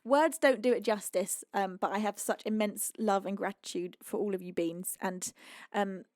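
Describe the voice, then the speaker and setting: A woman's voice: medium pitch, fairly even intonation, moderate pace, no echo, studio quality. A British woman who hosts a music livestream, chatting to her viewers between songs and gushing her thanks with frequent laughs. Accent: British English. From United Kingdom. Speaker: streaming singer-songwriter host.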